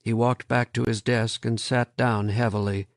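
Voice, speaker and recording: A man narrating an audiobook in a measured, steady reading. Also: medium pitch, dry recording, studio quality.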